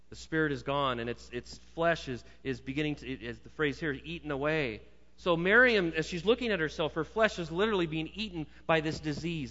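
A man's voice: on the high side, fairly bright tone. Male pastor, conversational sermon with jokey asides; dull, reverberant hall sound.

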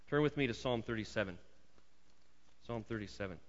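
A man's voice: medium pitch, a little fast, pauses often, fairly bright tone. Male pastor, conversational sermon with jokey asides; dull, reverberant hall sound.

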